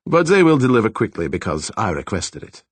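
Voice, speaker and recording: A man's voice: lowish voice, very animated, fairly quick, dry recording. A man doing a jovial German scientist. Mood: matter-of-fact. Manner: joking, playful.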